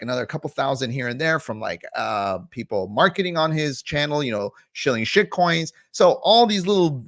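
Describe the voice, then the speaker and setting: A man's voice: a little high, fairly bright tone, no room sound, clean studio sound. A man ranting bluntly and profanely to camera as a crypto video host, mocking other creators. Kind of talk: casual ranting commentary to camera.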